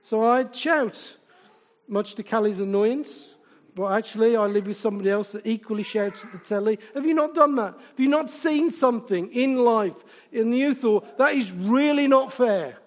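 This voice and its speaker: Preaching at a moderate pace, a middle-aged man with a very high voice gives a chatty, informal sermon that echoes at length around a large hall. He often questions the congregation and slips in humorous tales about himself.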